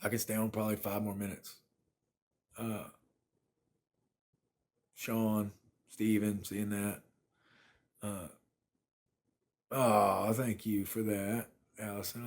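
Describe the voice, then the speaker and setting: A man's voice: on the low side, a little mellow, breathy edge. A man, chatting casually on a phone livestream from his apartment and thanking viewers by name. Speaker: livestream host.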